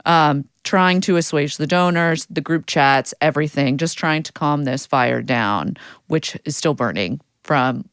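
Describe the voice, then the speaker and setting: A woman's voice: low-pitched, unhurried, fairly bright tone, smooth, no room sound. A woman co-hosting a podcast in casual political chat, sarcastic and freely profane. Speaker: podcast co-host.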